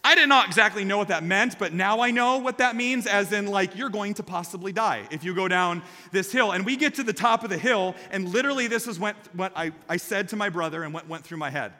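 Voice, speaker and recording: High-voiced animated preacher in a big hall. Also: male voice, a little fast, few pauses. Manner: animated storytelling, rises loud and high at the climax. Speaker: pastor. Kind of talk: sermon.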